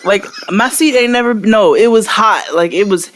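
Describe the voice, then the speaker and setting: A woman's voice: mid-range voice, moderate pace, dry recording. Woman cohost telling a funny story, laughing, swearing, super casual. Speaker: podcast co-host. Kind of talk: casual podcast chat.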